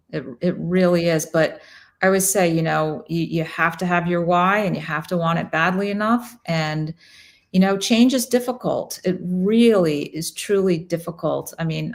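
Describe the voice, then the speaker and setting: A woman doctor hosting an interview, speaking in a reflective, casual way with many restarts and "you know"s. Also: on the low side. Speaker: host, doctor.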